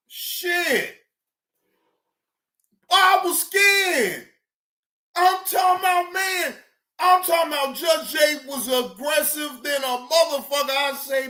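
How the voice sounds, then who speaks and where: A man ranting loudly on a livestream, shouting and cursing as he retells chat exchanges. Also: very high-pitched, lively intonation, takes it slowly, roomy sound. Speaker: streamer reacting to clips. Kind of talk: loud profane livestream rant.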